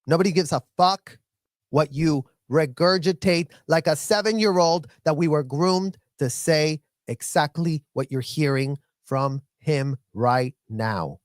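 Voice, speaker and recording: A man's voice: fairly high pitch, unhurried, no room sound, clean studio sound. A man giving heated, profane commentary, ranting in repetitive bursts about his upbringing. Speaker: commentator and former child member of the group. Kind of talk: angry commentary rant.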